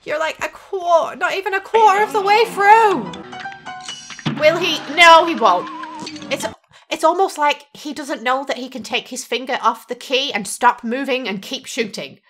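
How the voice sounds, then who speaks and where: A gaming YouTuber reacts to gameplay footage in casual commentary, her high voice at a normal pace. She's sarcastic and exasperated and swears freely, while music plays clearly in the background.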